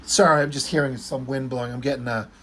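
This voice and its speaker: A man's voice: mid-range voice, steady tone, quick pace, fairly bright tone, a little hiss or hum. A man casually talking through an old comic, rambling and swearing as he goes. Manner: rambling, swears, reads comic lines aloud. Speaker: comic book reviewer. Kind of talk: casual comic review chat.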